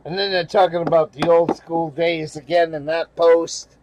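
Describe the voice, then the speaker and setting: A man's voice: a little high, level tone, moderate pace, darkish tone, slight background noise, low-quality recording. An older man reading viewer comments aloud and ranting angrily, sarcastic and swearing, with bitter chuckles. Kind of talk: casual rant over screenshots.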